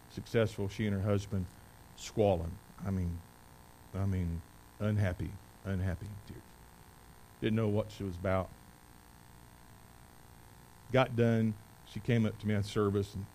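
A man in his forties preaching a sermon in a church, reading scripture loudly and with force, then telling stories in a quieter voice. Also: on the low side, flat delivery, unhurried, pauses often, a little hiss or hum, low-quality recording. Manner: rises to loud emphatic preaching when reading scripture, drops to quiet storytelling. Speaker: pastor. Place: church service.

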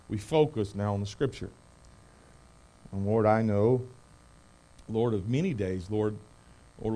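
A middle-aged man preaching, reading scripture with loud emphasis on key words and praying in a soft, hushed voice. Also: on the low side. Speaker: pastor. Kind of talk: sermon with scripture reading and prayer.

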